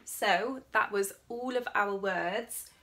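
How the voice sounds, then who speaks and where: Woman speech therapist, slow and encouraging, clear teaching delivery. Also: medium pitch, slight background noise. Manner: slow, deliberate syllable-by-syllable speech; encouraging, gentle instruction.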